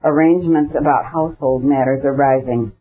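A man's voice: mid-range voice, fairly even intonation, brisk, slightly rough, natural voice. A man reading the lines of a crushed, self-pitying middle-aged official who speaks plaintively and formally in an audiobook. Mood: despairing. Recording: dull lo-fi recording.

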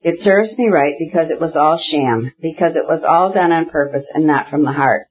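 A reader voicing Kitty, a proud young woman who speaks in impassioned, insistent bursts, with a husky voice. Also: mid-range voice, moderate pace, muffled recording, close to an everyday voice. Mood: furious. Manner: impassioned, insistent, repeating herself. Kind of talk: audiobook character reading.

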